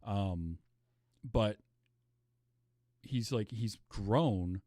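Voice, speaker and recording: A man's voice: fairly low pitch, very slow, warm tone, no echo, studio quality. A man hosting a podcast, chatting casually about a film and acting out his own reactions as he tells it. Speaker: podcast host.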